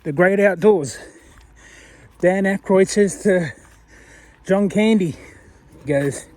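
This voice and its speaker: High-voiced man rambling on a night walk. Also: takes it slowly, pauses often, darkish tone. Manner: rambling, chatty, laughs often. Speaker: vlogger. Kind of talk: casual walking vlog. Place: outdoors on a street at night.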